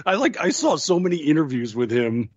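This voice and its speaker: A man's voice: on the high side, big pitch swings, moderate pace, slightly rough, no room sound. A man co-hosting a casual talk show, telling anecdotes and acting out quotes between laughs. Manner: storytelling, quotes others with laughs. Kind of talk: casual chat. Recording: dull, dry lo-fi audio.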